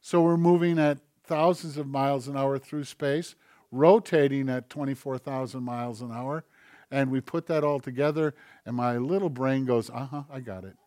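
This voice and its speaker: Male pastor, mid-pitched voice, dry close mic, talky sermon that swells to loud emphatic questions. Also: steady tone, normal speed, dry recording. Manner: conversational preaching that builds to loud, emphatic questions. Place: church sanctuary.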